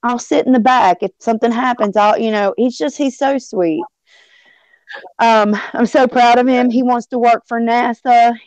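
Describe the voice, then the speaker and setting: A woman's voice: fairly high pitch, fairly even intonation, normal speed, a little mellow, no room sound, rough recording. Chatty Southern American woman, swears freely. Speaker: panel guest. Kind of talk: casual chat.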